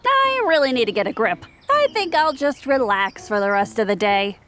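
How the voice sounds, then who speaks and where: A woman's voice: a little high, big pitch swings, moderate pace, over music. A woman voicing a timid young male snake who scares easily, in a children's audio story. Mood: nervous. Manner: jumpy, nervous, easily frightened.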